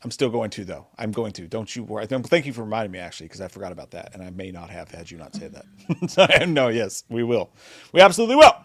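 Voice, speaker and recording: A man's voice: lowish voice, fast. Profane, joking male live-stream co-host. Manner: profane, joking, excitable rants. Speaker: co-host of a live movie show. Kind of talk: casual live-stream chat.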